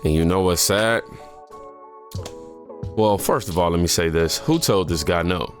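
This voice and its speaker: Very deep voiced guy doing blunt reaction commentary, bit of music under him. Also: a little slow. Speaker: reaction channel host.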